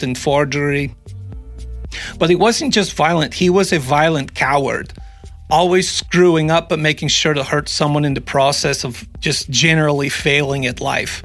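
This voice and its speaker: A man's voice: a little high, a bit bright. A man hosting a podcast, chatting casually and narrating a true-crime story with sarcastic asides. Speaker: podcast host.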